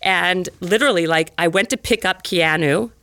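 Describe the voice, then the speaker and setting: A woman guest on a podcast, telling a story with lots of "like" and acting out the people in it in higher voices. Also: moderate pace, dry recording, studio quality. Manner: lively storyteller, heavy use of "like". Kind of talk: animated anecdote in podcast interview.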